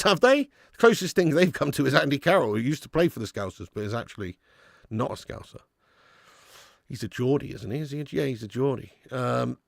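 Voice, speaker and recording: A man's voice: mid-range voice, gravelly, fairly bright tone, dry recording, studio quality. A man hosting a live football watch-along, chatting casually, reading out viewer messages and laughing often. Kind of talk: casual live match commentary.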